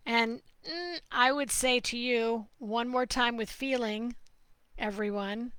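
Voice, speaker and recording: A woman's voice: on the high side, sharp tone, dry recording. A woman nutrition coach answering viewer questions in a casual live Q&A, stressing points by repeating words and speaking to viewers by name.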